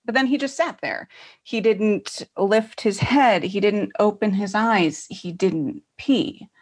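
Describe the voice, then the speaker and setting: Woman in her forties, guest, wry deadpan storyteller, mid-pitched everyday voice. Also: takes it slowly. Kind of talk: casual storytelling chat.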